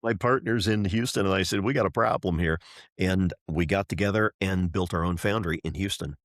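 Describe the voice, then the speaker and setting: Middle-aged man, very low voice, dry close sound, lively storyteller. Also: fairly quick, dry recording. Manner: enthusiastic storyteller, acting out quoted voices. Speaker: podcast guest, race driver and watch entrepreneur. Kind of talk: animated storytelling in a podcast interview.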